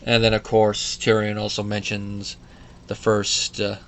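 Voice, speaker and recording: A man's voice: lowish voice, monotone, measured pace, a bit bright, slight background noise. A man in his thirties talking through a show episode in a casual solo review, chatty and digressive with fillers and quoted asides. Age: 30s.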